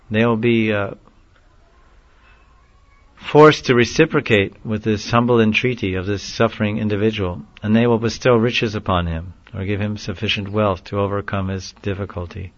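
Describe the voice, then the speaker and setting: A man delivers a devotional lecture in an earnest, unhurried way that turns pleading at moments. His voice sits low. The recording is dull and lo-fi. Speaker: preacher.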